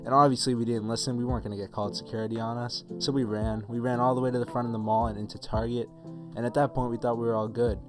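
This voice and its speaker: A man's voice: medium pitch, little pitch movement, fast talker, over music. A young man telling a story for his video channel in a casual, rambling, profane way, full of "like" and "um". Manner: rambling, profane, filler-heavy retelling. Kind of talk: casual story-time monologue.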